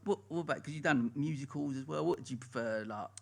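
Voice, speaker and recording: A man's voice: medium pitch, fast, creaky. A man from Essex with an Essex accent, hosting a live podcast and asking loose, rambling questions. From England, Essex. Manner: loose, rambling questions with fillers, laughs easily. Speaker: podcast host. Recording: faint background ambience.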